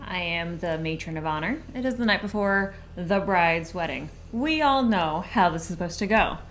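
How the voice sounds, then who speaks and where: A woman's voice: fairly low pitch, expressive, moderate pace, fairly bright tone, slight background noise. Bubbly woman co-host chatting. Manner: bubbly, talks with lots of "like". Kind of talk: casual chat.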